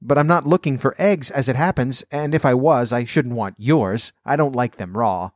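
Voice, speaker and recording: A man's voice: mid-range voice, moderate pace, no room sound, studio quality, natural voice. A man voicing a polite, earnest little girl in a storybook reading, prim and eager.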